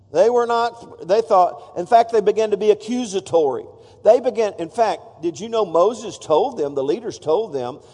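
Man, pastor, sermon, playful and feisty, high mellow voice, long church-hall reverb. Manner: playful, feisty, breaks off to joke. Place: church sanctuary.

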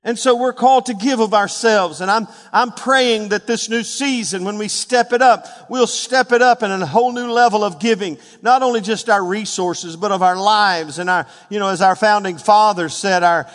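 A man in his sixties preaching a sermon as pastor, building to shouted calls and leading call-and-response with the congregation. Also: high-pitched, normal speed, hardly any pauses, big-room sound. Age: 60s. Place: church sanctuary.

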